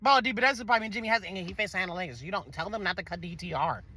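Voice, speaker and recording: A man's voice: high voice, racing, sharp tone, slightly rough. A man hosting a sports show, ranting in a heated, profane way and repeating himself, recorded in a parked car. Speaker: sports podcast host.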